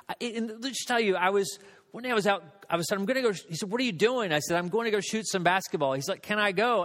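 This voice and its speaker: A man's voice: sits high, fairly bright tone, long reverb tail. A man preaching a sermon, telling a story about himself in a casual, self-mocking way. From Southern United States. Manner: storytelling, conversational, self-deprecating. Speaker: pastor.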